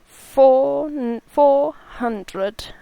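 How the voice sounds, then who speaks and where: A woman doing an impression of a stern male teacher, speaking low and very drawn out. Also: gravelly, mellow, no echo, exaggerated voice, rough recording. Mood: stern drawl. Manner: very slow, drawn-out delivery.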